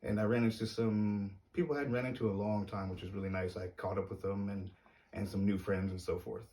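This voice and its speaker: Man, very low voice, hesitant casual storytelling, mic a bit distant. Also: fairly even intonation, mellow. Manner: hesitant, halting, uneasy on camera. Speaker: vlogger telling a personal story.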